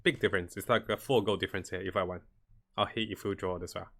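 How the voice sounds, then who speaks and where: A man giving casual commentary on a strategy game as he plays, thinking aloud in a relaxed way. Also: low voice, quick pace, gravelly. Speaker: gaming commentator. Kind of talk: casual live gameplay commentary.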